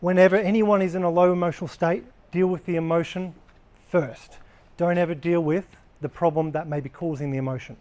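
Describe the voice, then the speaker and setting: A man's voice: fairly high pitch, steady tone, fairly quick, hardly any pauses, warm tone. A man giving a casual training talk to a live group of workers, blunt and conversational, swearing freely as he explains. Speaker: workplace trainer.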